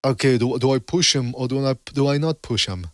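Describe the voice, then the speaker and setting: A man's voice: mid-range voice, fairly quick, no room sound, clean studio sound, natural voice. Man doing a bad mock-British fighter. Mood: dithering. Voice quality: clumsy put-on accent. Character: hesitant young British boxer, unsure.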